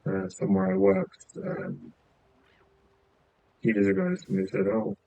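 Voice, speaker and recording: A man's voice: high-pitched, wildly swooping pitch, a little slow, creaky, mellow, muffled recording. A man from England with a southern English accent, chatting casually as a game streamer, rambling and dotting his talk with filler sounds. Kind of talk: rambling casual chat while gaming.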